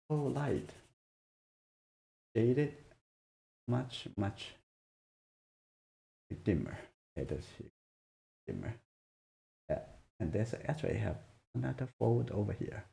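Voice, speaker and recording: Man, drawing instructor, gravelly low voice, mellow tone, lively pitch, soft-spoken, halting. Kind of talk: live drawing demonstration.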